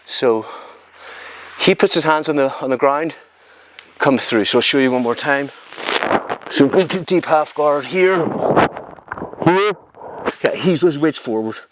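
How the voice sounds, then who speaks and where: Chatty man teaching grappling moves. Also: on the high side. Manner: chatty, checks in with "okay?" often; talks while moving on the mat, halting phrases. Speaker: jiu-jitsu instructor. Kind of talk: live technique demonstration. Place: training room at a retreat. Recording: noisy room recording.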